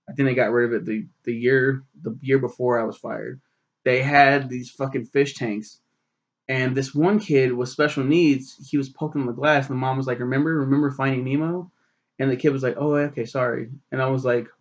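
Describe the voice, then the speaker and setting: A man's voice: medium pitch, gravelly, muffled recording. A man in his twenties casually recapping a film, rambling with lots of fillers and swearing. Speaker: film reviewer.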